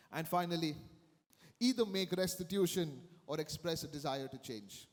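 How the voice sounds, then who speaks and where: A man's voice: a little high, moderate pace, big-room sound. A man preaching a sermon as a priest, emphatic and repeating his key phrases.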